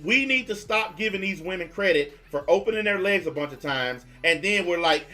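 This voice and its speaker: A man's voice: high voice, expressive, fairly quick, few pauses, pushed and bright, faint music behind. A man, ranting bluntly and mockingly as a livestream host taking calls. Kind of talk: profane livestream rant.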